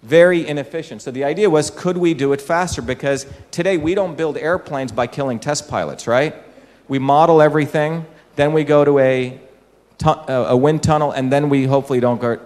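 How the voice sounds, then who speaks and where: A man's voice: a little high, a little fast, darkish tone. Man lecturing in a reverberant hall. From India. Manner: explanatory, with rhetorical questions to the audience. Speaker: speaker addressing an audience. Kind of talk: public talk. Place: large hall with an audience. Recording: echoey hall.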